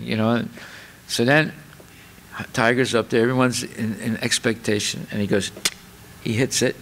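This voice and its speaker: A man of middle pitch delivering a spiritual lecture in a loose, conversational way. He circles back with fillers and repeats words. Now and then he acts out a scene with an exclamation. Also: fairly bright tone, slight background noise. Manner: chatty and explanatory, lots of fillers and repeats. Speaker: speaker giving a scripture class.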